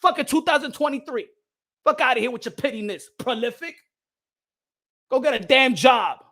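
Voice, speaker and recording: A man with a high voice delivers a heated rant as a boxing channel host. He talks loud and mocking, swears freely and often breaks into shouting. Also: normal speed. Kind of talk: heated ranting commentary.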